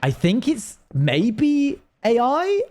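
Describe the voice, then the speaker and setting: Here a man's voice is very high and a little mellow, swinging hugely in pitch while he talks extremely slowly. He's live-streaming a game, loosely chatting with viewers and wandering from thought to thought.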